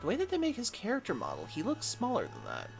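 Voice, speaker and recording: A man's voice: very high-pitched, huge pitch swings, fast, creaky. A man chatting casually while playing a game on stream, rambling and chatty, over game music. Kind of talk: casual let's-play chat.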